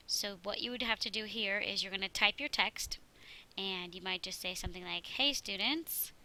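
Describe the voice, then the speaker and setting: A woman teacher talks through a screen-recorded tutorial in a chatty way, explaining one step at a time. Her voice is very bright and clear at a middle pitch. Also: low-quality recording. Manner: chatty, walks through steps.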